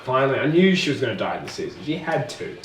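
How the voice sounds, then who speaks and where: A man's voice: mid-range voice, quick pace, distant mic, a little hiss or hum. An Australian man co-hosting a podcast, chatting and swearing in casual banter about a show. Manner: swearing, animated, laughing, mocking voices. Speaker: podcast co-host. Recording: roomy room heard from off mic, faint music.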